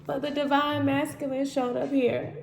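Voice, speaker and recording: Emotional lady doing a tarot reading, gravelly, talks right to y'all, echoey room. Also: high-pitched, little pitch movement, normal speed, a little mellow. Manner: candid, addresses viewers as y'all. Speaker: tarot reader.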